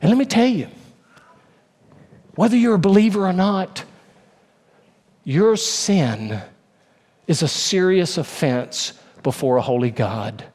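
A male pastor preaching a sermon in an earnest way, repeating key phrases for emphasis and dropping to a hushed, low tone on solemn points. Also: lively intonation, takes it slowly, long pauses.

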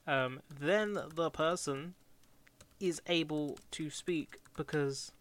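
A man's voice: a little high, slow, a bit bright. A man co-hosting a podcast, brainstorming a story in loose, joking casual chat with many fillers. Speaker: podcast co-host.

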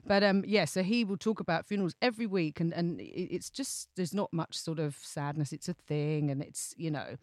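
A woman's voice: fairly low pitch, brisk, few pauses, dry recording, studio quality. A woman, chatting casually as a podcast guest, rambling and swearing freely. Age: 40s.

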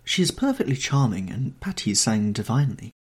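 A man's voice: mid-range voice, very animated, brisk, slightly rough. A man reading the part of a vain, callous young aesthete who talks in an airy, dismissive way.

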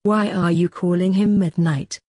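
Puzzled goldfish-costume contestant, read by a woman; dry, low voice. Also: steady tone, unhurried, warm tone, dry recording.

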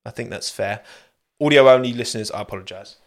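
A man's voice: mid-range voice, quick pace. Chatty man signing off a stream. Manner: chatty, rambling, soft cooing to his dog. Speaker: livestream host. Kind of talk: casual live chat sign-off.

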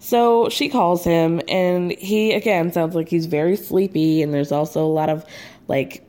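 A woman's voice: lowish voice, measured pace, dark tone. A young woman casually recapping a show, chatty and sarcastic, full of "like" and "um". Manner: chatty and sarcastic, with many fillers.

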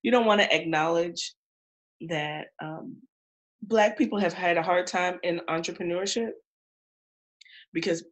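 A woman's voice: fairly low pitch, fairly even intonation. A woman co-hosting a casual podcast chat, outspoken and emphatic, teasing her co-host. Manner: outspoken, emphatic, quick to tease.

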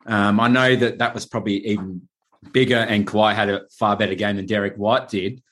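Low-voiced man musing on a podcast. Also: fairly even intonation, brisk, fairly bright tone. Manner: thoughtful, hesitant, with fillers. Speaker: podcast panelist. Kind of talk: casual sports podcast chat.

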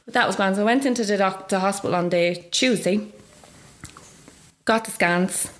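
Chatty irish woman, bounces way up when she does other people's voices. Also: normal speed. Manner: animated, acts out quoted speech with big pitch jumps. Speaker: guest. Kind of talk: casual personal storytelling.

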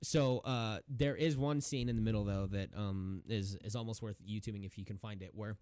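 A man's voice: fairly low pitch, fairly even intonation, normal speed, a little mellow, clean tone, no room sound. Man on a dry podcast mic. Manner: rambling, swears freely, laughs while telling a story. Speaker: podcast co-host. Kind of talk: casual chat, retelling a movie scene.

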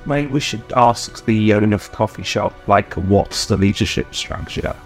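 A man's voice: lowish voice, normal speed, soft background music. A man playing a tabletop game, making dry jokes and casual asides. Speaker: player.

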